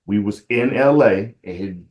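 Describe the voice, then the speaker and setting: A middle-aged man with a low voice talks in a casual interview. He is a police sergeant from Compton and speaks in a relaxed, reflective way. When he tells a story he turns lively and laughs easily. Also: a little slow, roomy sound. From Compton, California.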